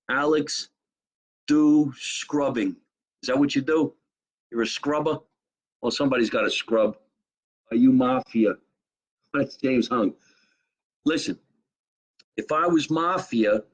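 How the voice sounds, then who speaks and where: A middle-aged comedian from Jersey City, New Jersey, hosts a live show streamed from his apartment kitchen, cracking brash jokes and reading out viewer comments. His medium-pitched voice is slightly rough, and the recording is low quality.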